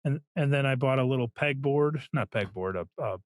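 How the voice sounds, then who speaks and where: A man's voice: mid-range voice, moderate pace. A man co-hosting a podcast in casual chat, complaining sarcastically and swearing freely. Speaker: podcast co-host.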